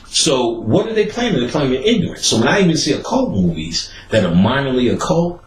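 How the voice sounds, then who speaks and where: Male host ranting, lively pitch, swears freely, chuckles between points, echoey room. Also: fairly quick. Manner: animated, profane, laughs between points. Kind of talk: casual ranting monologue. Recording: roomy echo, faint background ambience.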